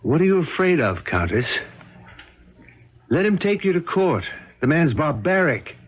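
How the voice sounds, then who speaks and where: A brisk, gallant gentleman who reassures and takes charge with courteous energy. His voice is mid-pitched and a little husky. The sound is thin and tinny, like an old radio broadcast. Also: big pitch swings. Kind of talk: 1970s radio drama acting.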